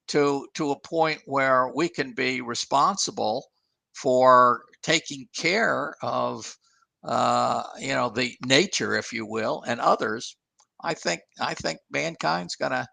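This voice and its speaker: Older male guest, gravelly and bright-toned, dry close mic, halting and reflective. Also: mid-range voice, no echo. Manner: halting, many restarts and fillers, thoughtful. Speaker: guest, former engineer and author. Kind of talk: casual interview talk.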